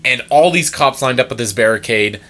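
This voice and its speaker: A man co-hosting a casual movie podcast, chiming in with quick, enthusiastic agreement. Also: medium pitch, bright, forceful tone. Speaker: podcast co-host. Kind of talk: casual chat.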